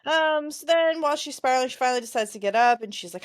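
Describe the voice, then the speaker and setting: Woman co-host, book-club chat, sarcastic and lively, dry close mic. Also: sits high, quick pace, clear, resonant tone, no room sound. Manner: animated, sarcastic and swearing. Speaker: podcast co-host. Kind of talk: casual book-club chat and read-aloud.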